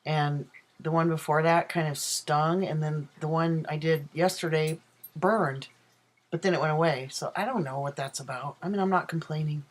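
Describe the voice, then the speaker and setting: A man's voice: fairly high pitch, fairly even intonation, normal speed, poor audio. A transgender man chatting in a casual video diary from his apartment, rambling with many ums and self-corrections. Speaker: vlogger. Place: own apartment.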